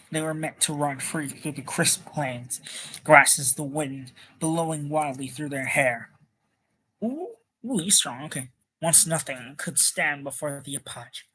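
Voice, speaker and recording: A man's voice: a little high, sharp tone, a little hiss or hum. A man casually reading a comic book aloud, stumbling over words and chatting in asides.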